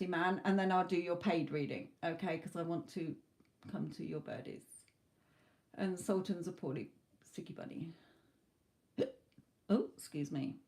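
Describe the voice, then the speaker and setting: A woman reading tarot on a live stream, talking to viewers in a blunt, animated way and swearing casually. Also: fairly low pitch. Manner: animated, acts out clients' panicked voices.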